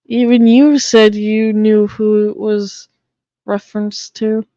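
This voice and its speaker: A woman's voice: mid-range voice, level tone, takes it slowly, warm tone, dry recording, muffled recording. A woman from the Boston area chatting casually on her live stream, blunt and swearing freely.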